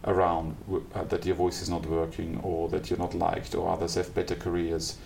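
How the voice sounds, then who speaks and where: Guest: German-accented man, very low gravelly voice, measured and reflective, light background hiss. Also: completely flat delivery, a little mellow. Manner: thoughtful, searching for words with small restarts. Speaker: classical singer, guest. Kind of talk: reflective interview conversation. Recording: faint background noise.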